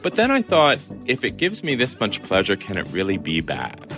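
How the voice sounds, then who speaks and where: A man's voice: fairly low pitch, wildly swooping pitch, moderate pace, a bit bright, soft background music. A man being interviewed as a journalist guest, talking in a wry, amused and chatty way. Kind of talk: interview over a remote line.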